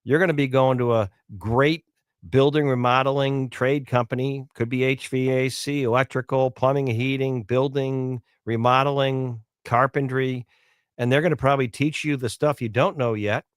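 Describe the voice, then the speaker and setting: A man's voice: medium pitch, steady tone, moderate pace, clean tone, dry recording, clean studio sound. A man hosting a talk radio show, speaking in a conversational, rambling way with fillers and repeated words.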